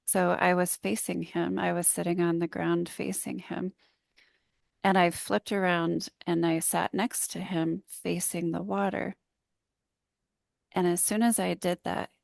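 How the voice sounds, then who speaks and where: Gravelly low-voiced woman telling a story. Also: level tone, takes it slowly, long pauses, dry recording, clean studio sound. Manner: earnest, heartfelt storytelling. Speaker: business coach guest; public speaker. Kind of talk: casual podcast conversation.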